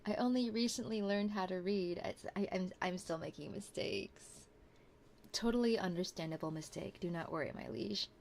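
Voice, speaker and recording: A woman voicing a humble, devoted knight in a whispered role-play, speaking softly in formal, courtly address. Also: medium pitch, normal speed, creaky, a little hiss or hum, close to an everyday voice. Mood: apologetic. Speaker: streamer.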